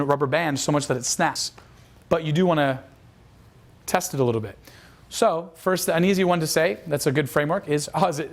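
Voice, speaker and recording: Here a man teaches dating advice rapidly and loosely, his voice pitched a little high. He frequently begins sentences again and dramatizes the things people say.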